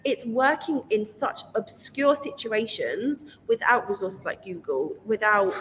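A woman guest in a casual chat, telling lively stories and laughing often. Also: mid-range voice, a little slow. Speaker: podcast guest. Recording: roomy reverb with faint noise.

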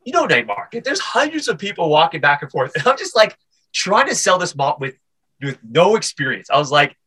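Animated husky man telling stories. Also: on the high side, fairly quick. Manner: animated, stammering restarts, acts out voices. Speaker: comedian and podcast guest. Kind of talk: casual interview storytelling.

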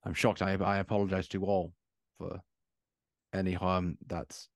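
A man's voice: sits low, level tone, unhurried, no room sound, studio quality. A man voicing a flustered, dazed male museum curator who stammers and apologizes. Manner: stammering, fumbling.

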